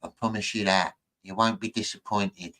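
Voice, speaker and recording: Low-voiced man, casual streamer, jokey rambling brag. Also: steady tone, moderate pace, pushed and bright, rough recording. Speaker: streamer reacting to clips. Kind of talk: casual chat.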